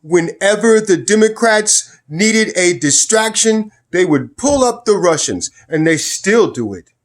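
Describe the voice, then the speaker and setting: A man delivering political commentary in a vlog, emphatic and sarcastic, his pitch and loudness swinging widely. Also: animated, a little slow.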